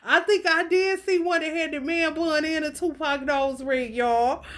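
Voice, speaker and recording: A woman's voice: sits high, fairly even intonation, normal speed, a bit bright. A woman hosting a casual livestream and reading oracle cards. She swears freely, laughs often and talks straight to her viewers.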